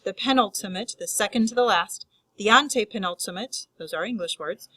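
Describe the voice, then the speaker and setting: A woman teaching a lesson on grammar rules, unscripted with restarts and fillers, spelling out terms slowly. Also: mid-range voice, a bit bright, breathy edge, no echo, low-quality recording. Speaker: Spanish teacher.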